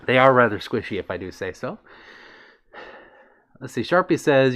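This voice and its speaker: A man's voice: medium pitch, very animated, moderate pace, long pauses, a bit bright. A man hosting a casual livestream, reading out viewer comments with a playful, giggly manner and brushing off compliments bashfully. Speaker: livestream host.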